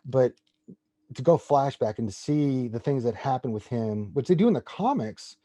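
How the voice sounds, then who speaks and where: Forties male guest, casual and rambling, warm mellow timbre, dry close sound. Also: medium pitch, animated, normal speed, dry recording. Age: 40s. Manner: enthusiastic comic-book fan, rambling. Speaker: podcast guest. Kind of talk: casual chat.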